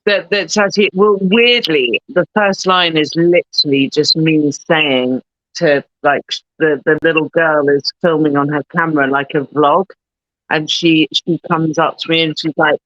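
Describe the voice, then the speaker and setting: A woman's voice: low-pitched, steady tone, unhurried, a bit bright, no room sound. Woman guest rambling through a story, swears a bit, acts out the quotes, dry slightly muffled mic. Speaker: podcast guest, actor. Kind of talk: casual chat.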